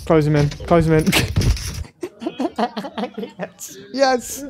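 A man's voice: on the high side, expressive, very slow, background noise. A man hosting a casual meme reaction video. He speaks in short exclamations and laughs often. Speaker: YouTube reaction host.

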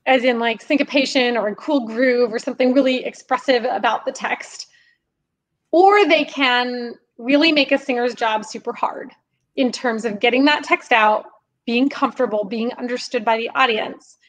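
A young woman with a high voice talks through her craft in a podcast interview. Her delivery is animated and explanatory, and she laughs easily as she goes. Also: normal speed, low-quality recording. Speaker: podcast guest, singer and composer. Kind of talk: conversational interview.

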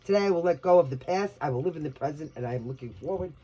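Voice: medium pitch, lively intonation, racing, warm tone, breathy edge, lo-fi sound. A tarot reader from Brooklyn giving a casual reading, blunt and chatty, swearing freely. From New York, Brooklyn.

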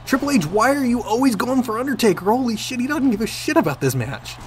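A man commentating on his own gameplay, excitable, swearing and yelling at the game. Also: very high-pitched, fast. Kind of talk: let's play commentary.

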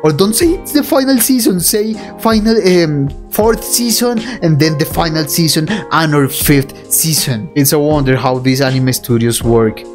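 A young man giving anime reaction commentary, excitable and emotional, swearing and often laughing while he talks. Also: a little high, normal speed, few pauses, soft background music. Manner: excitable and emotional, swearing, frequent laughter, calls the viewer bro.

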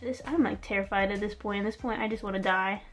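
A woman's voice: medium pitch, steady tone, fast, soft background music. A young woman vlogging from a small room, telling a story casually and filling her speech with "like". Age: young adult. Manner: chatty, fills speech with "like". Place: small quarantine room indoors.

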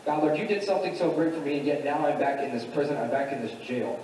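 A man's voice: medium pitch, fast, a little mellow, a little hiss or hum, natural voice. A man voicing the young Joseph as a weary, hopeful prisoner in a conversational, pleading way, recorded from a distance in an echoey church hall. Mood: lamenting.

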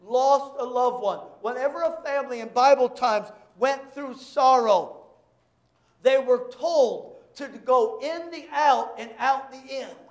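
A man preaching a sermon as pastor, emphatic and repetitive, acting out quick bits of dialogue to make his points. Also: extremely high pitch. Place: church. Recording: echoey church sanctuary.

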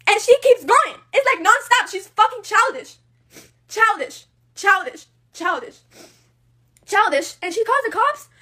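A woman's voice: extremely high pitch, lively intonation, a little slow, bright, forceful tone. A woman in her late teens, a native Spanish speaker, ranting angrily and profanely on a live stream at home, upset and agitated. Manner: angry, profane, switching between Spanish and English. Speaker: livestreamer. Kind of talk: emotional live-stream rant.

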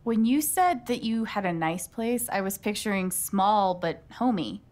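A woman's voice: medium pitch, animated, a little slow, darkish tone, lightly acted. An actress playing a wry, sarcastic young woman, the heroine of a video game. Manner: dry, sarcastic.

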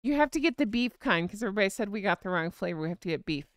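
A woman's voice: medium pitch, expressive, very fast, dry recording. A woman hosting a casual livestream chat, bubbly and reading comments aloud. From United States. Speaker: livestream host.

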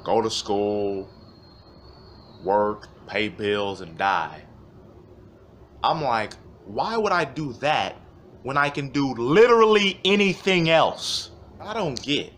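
A man's voice: lowish voice, slight background noise. A man giving a heated, profane rant to camera, sarcastic and fired up. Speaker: vlogger.

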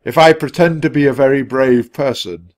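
A man voicing a wise, calm Roman emperor in a storybook reading, with measured, dignified speech. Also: mid-range voice, lightly acted.

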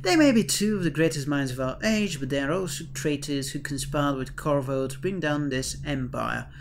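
A man's voice: on the high side, a little hiss or hum. A man voicing a stern, pompous male lord regent who gives cold orders, using a wavering put-on accent.

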